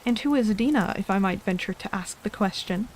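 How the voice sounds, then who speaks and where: A woman's voice: medium pitch, fairly quick, slight background noise, natural voice, low-quality recording. A woman voicing a polite, sighing parrot-like bird in a whispered role-play reading. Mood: curious.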